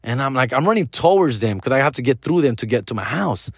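A man's voice: mid-range voice, expressive, fast, breathy edge, no echo, clean studio sound. A man in his forties telling a personal story in casual, profane slang, switching between English and Spanish. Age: 40s.

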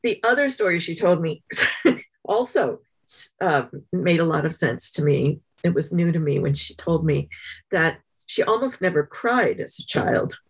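A woman, a guest author, telling stories in a relaxed interview, pausing often and thinking aloud with fillers. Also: on the low side, slightly rough. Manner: thoughtful, many pauses and fillers. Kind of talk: conversational interview storytelling.

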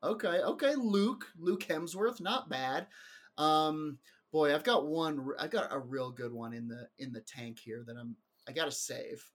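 A man's voice: fairly high pitch, a little slow. A man hosting a comedy podcast, joking and laughing often, trailing off with fillers. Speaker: podcast host. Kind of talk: casual comedy chat.

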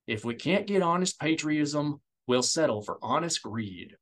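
A man's voice: a little high, lively intonation, normal speed, a bit bright, pitched above the performer's own voice. A man voicing a stern male senator who turns grieving and desperate, with clipped, urgent pleading in an audiobook. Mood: sour. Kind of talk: audiobook character voice.

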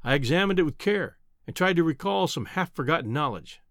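Male audiobook narrator, slightly high voice, animated, measured pacing, dead-dry close mic. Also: dry recording. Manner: expressive, measured storytelling. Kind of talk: scripted narration.

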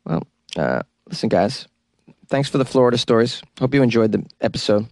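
A man's voice: mid-range voice, expressive, brisk, a little mellow, a little hiss or hum. A man from the Boston area hosting a comedy news podcast, talking in a sarcastic, joking way and laughing at his own lines. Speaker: podcast host. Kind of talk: casual comedic monologue.

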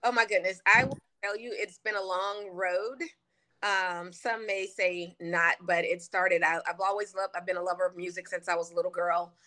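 Bubbly, bright-voiced woman from Louisiana. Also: fairly low pitch, normal speed. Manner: bubbly, animated storytelling. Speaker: guest, country singer. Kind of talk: casual interview chat.

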